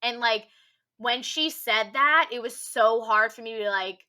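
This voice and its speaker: A young woman telling a personal story on a podcast, rambling casually with constant "like" fillers and a soft, subdued delivery. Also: fairly high pitch, unhurried. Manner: rambling, heavy use of "like" filler.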